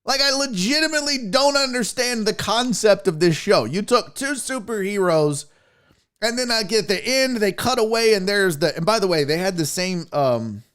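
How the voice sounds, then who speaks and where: A man's voice: high-pitched, normal speed. A man hosting his own sports podcast from home, rambling and swearing in a loose chat to his live audience. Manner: rambling, profane, animated, acts out silly voices. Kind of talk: casual live-stream chat. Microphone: podcast mixer setup.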